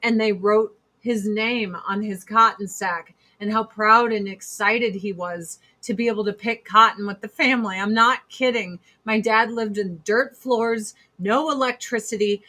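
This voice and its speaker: A woman hosting a podcast, ranting in a casual, profane, heated way with sudden loud outbursts. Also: a little high, a little slow, few pauses. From United States. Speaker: podcast host.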